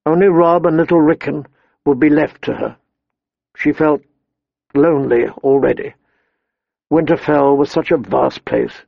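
A man reading a fantasy novel aloud in measured, steady narration, quietly voicing the characters' dialogue. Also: on the high side, creaky, no echo, lo-fi sound. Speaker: audiobook narrator.

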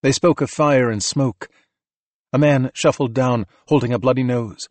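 A man narrating an audiobook in a steady, measured reading voice. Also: mid-range voice, dry recording. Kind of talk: scripted narration.

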